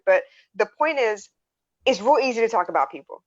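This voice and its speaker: A woman co-hosting a live podcast, animated and blunt, acting out the quotes she tells. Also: on the high side, fast, dull audio. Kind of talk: live-streamed podcast talk.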